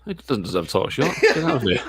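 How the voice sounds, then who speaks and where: A man guest co-hosting a casual wrestling podcast, firing off blunt, quick quips. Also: mid-range voice, very animated, vocal fry, fairly bright tone. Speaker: guest co-host. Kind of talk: casual chat.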